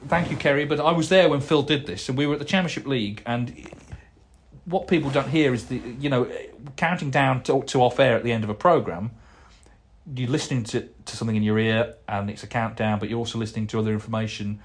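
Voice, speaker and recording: With a mid-range voice and a faint hiss or hum in the recording, this middle-aged podcast host speaks quickly. He works through listener emails alone, chatty and rambling, often restarting and using fillers.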